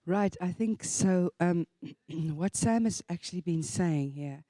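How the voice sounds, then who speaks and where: A woman speaking plainly and in a relaxed way at a church workshop. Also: fairly low pitch, slow pace, few pauses, no echo.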